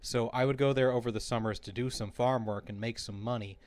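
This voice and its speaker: A man's voice: medium pitch, fairly even intonation, fairly quick, darkish tone. A man co-hosting a podcast in casual chat, telling a story animatedly and laughing as he goes. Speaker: podcast co-host.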